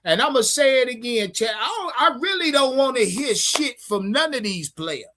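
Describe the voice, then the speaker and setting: A sports fan streamer rants heatedly at his chat about his football team, swearing freely and going over the same points again and again. His animated voice swings widely in pitch at a normal speed, with a bright, forceful tone.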